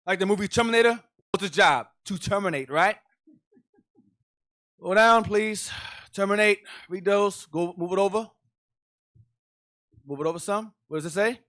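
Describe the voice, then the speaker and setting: A man's voice: sits high, normal speed, long pauses, a bit bright. A man teaching a Bible class as a deacon, preaching emphatically and calling out instructions to a reader.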